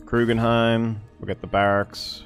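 A man's voice: medium pitch, little pitch movement, unhurried, soft background music. A man giving casual commentary as he plays a strategy game, thinking aloud and swearing under his breath. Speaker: gameplay streamer. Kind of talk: casual let's-play commentary.

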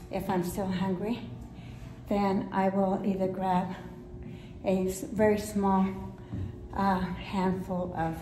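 A woman's voice: medium pitch, warm tone, echoey room, a little hiss or hum, rough recording. Breathless woman chatting while climbing stairs. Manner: chatty, pauses often, laughs between phrases. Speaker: vlogger. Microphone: handheld camera.

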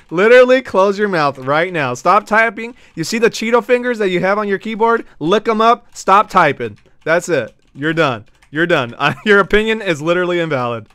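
A man's voice: high voice, fairly bright tone, smooth, no room sound. A man streaming a game, talking to his chat in a brash, teasing and profane way. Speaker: gaming streamer. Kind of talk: casual live-stream chat.

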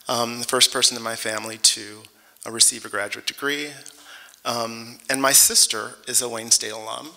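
A man's voice: medium pitch, gravelly, sharp tone, low-quality recording. A man from Detroit accepting an award, joking and heartfelt, speaking in a chatty way to a ceremony audience. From Detroit, United States. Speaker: award recipient. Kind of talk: acceptance speech.

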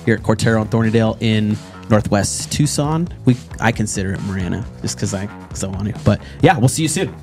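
A man hosting a local talk show, talking casually with a relaxed, sometimes sarcastic manner and frequent laughter. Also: fairly low pitch, brisk, gravelly, hardly any pauses, faint music behind. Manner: easygoing, laughs often, sarcastic asides. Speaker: host.

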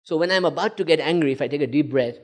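A man, a spiritual teacher, giving a lively talk and taking questions, laughing and acting out inner voices as he explains. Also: on the high side, racing.

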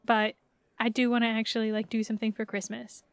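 A woman's voice: a little high, level tone, fairly quick, dry recording. A woman streaming a video game, chatting casually and playfully, rambling and laughing often. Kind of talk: casual live-stream chat.

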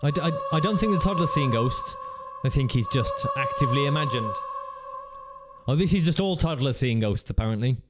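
A man's voice: medium pitch, expressive, brisk, loud music behind the voice. A man hosting his own channel, chatting casually and rambling through jokes and playful swearing while reacting to videos. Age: adult parent of a teenager. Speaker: channel host.

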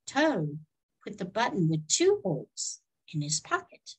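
A woman storyteller reading a children's book aloud in a slow, expressive way. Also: fairly low pitch, husky, rough recording.

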